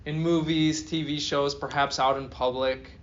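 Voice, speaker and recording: A man's voice: a little high, steady tone, moderate pace, dull audio. A male philosophy professor giving a classroom lecture, reading a text aloud and then joking with students and asking them questions. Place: university classroom.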